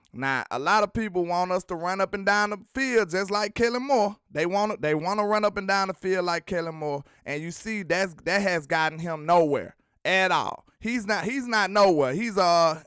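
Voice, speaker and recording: High, crisp-voiced man riffing on football. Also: dry recording, studio quality. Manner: animated, slangy, teasing the chat. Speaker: sports show host. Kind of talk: casual fan commentary, reading viewer comments.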